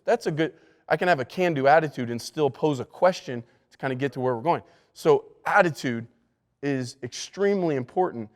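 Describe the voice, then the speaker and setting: Teaching leadership to his church staff, this pastor speaks a little fast in a slightly high voice with lively intonation. He stresses points forcefully, repeats important words, and frequently starts sentences over. The recording carries long hall reverb.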